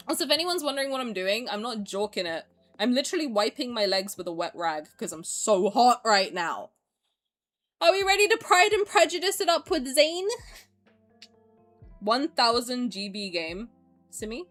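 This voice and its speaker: A woman's voice: on the high side, big pitch swings, normal speed, a bit bright. Young woman gaming streamer, sarcastic, swears a lot, voice goes way up and down, some music in the back. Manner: chatty, sarcastic, swears freely. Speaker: game streamer. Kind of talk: casual gameplay commentary.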